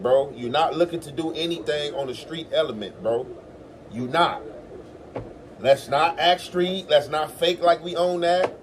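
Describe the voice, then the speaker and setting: A man's voice: a little high, background noise. A man hosting his own commentary show, talking back to a podcast clip in a defensive, insistent way and acting out what others said. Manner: defensive, insistent, acts out quotes. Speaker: host.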